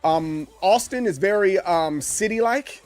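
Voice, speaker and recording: Streamer, forties, drawl, higher-pitched, excitable and full of restarts. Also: male voice, a little slow. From Southern US. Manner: animated, stumbling restarts, acts out quoted voices. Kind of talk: casual live-stream chat with chat.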